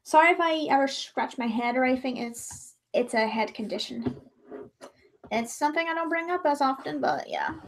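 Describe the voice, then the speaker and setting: A young woman with a notably high voice chats casually during a livestream. She rambles from thought to thought and often breaks off mid-sentence to start again. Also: moderate pace. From Ireland.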